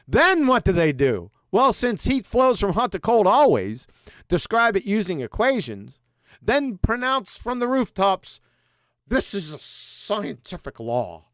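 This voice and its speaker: A middle-aged man hosts a livestream, delivering a lecture-style monologue in a high-pitched, sing-song voice at a measured pace. He's sarcastic and fires off rhetorical questions. The studio-quality audio has no room sound.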